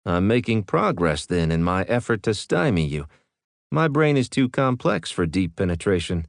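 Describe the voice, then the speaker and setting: A man voicing a calm, literal-minded male ship AI with precise, dry delivery. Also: low-pitched, moderate pace, creaky, no room sound, heavily acted. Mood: deadpan.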